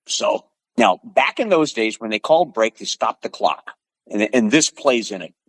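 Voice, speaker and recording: A man's voice: mid-range voice, normal speed, no echo, rough recording. Older man telling punchy stories. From Pacific Northwest, USA. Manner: animated, punches stories with sound effects. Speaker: podcast guest. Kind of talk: storytelling in conversation.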